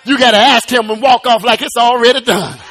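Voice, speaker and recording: Delivering a sermon in an extremely high pitch, a male preacher moves from quiet, slow phrases up to loud, shouted, rising passages. Repeated words come up frequently as he starts over.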